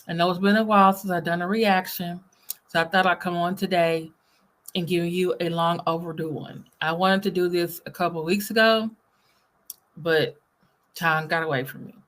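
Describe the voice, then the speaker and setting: A woman's voice: on the low side, steady tone, moderate pace, a bit bright. A woman hosting a casual reaction video, chatting to her viewers while talking around new braces. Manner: chatty, apologetic about fresh braces affecting speech. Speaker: reaction channel host.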